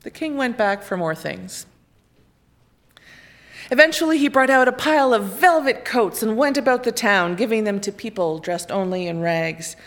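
A woman reading a children's picture book aloud in an expressive, lively storytelling way. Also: a little high, moderate pace.

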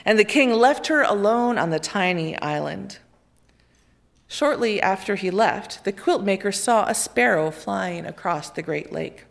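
A woman narrates a children's fairy tale aloud, with expressive, lively storybook delivery. Her voice sits in a mid range. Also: medium pitch, normal speed, gravelly. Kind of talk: reading a children's picture book aloud.

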